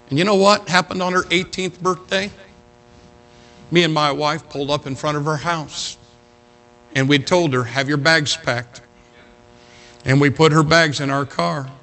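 A middle-aged man preaching a sermon to young people, telling a story dramatically and swinging between loud appeals and hushed passages. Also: a little high.

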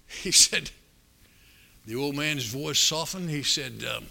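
An older man preaching a sermon, telling stories in a folksy, animated way with sudden loud bursts. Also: on the high side, takes it slowly, creaky, long pauses. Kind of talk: storytelling sermon.

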